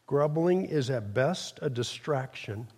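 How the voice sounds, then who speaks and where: A man's voice: mid-range voice, expressive, takes it slowly, a little mellow, husky. Preaching man in a reverberant hall. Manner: emphatic call-and-response preaching. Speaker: pastor. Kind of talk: sermon. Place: church sanctuary.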